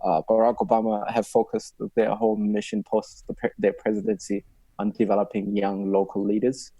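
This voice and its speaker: A young man from South Africa, a podcast guest who tells stories in an animated way, acting out dialogue. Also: lowish voice, a little fast, no echo. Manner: animated, acts out dialogue, laughs often. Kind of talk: casual interview storytelling.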